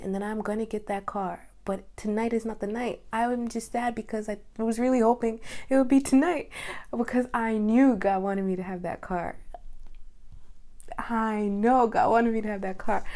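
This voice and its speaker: A young woman talks straight to her viewers in a loose, chatty story. She fills it with quoted asides and little fillers, sounds animated, and sits at a middle pitch for a woman. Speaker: vlogger. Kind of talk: casual storytelling vlog.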